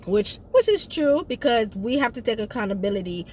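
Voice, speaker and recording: Chatty high-voiced woman reviewing a movie. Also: very animated, brisk, hardly any pauses, a little mellow, slight background noise. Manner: chatty, emphatic, talks straight to viewers. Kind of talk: casual chat.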